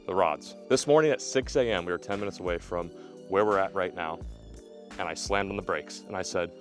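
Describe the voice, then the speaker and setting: A man narrating a fishing vlog to camera outdoors by a remote lake, energetic and jokey. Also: deep voice, fairly quick, soft background music. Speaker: fishing vlogger.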